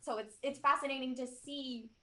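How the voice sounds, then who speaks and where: A woman's voice: sits high, fairly even intonation, normal speed, a crowd in the background. A woman co-hosting a film podcast, talking in an enthusiastic, rambling way with many fillers. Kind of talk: casual chat.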